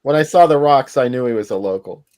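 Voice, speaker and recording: Laid-back man co-hosting a chat podcast, relaxed and easy. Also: mid-range voice, fast talker. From Pittsburgh. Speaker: podcast co-host. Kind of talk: casual chat.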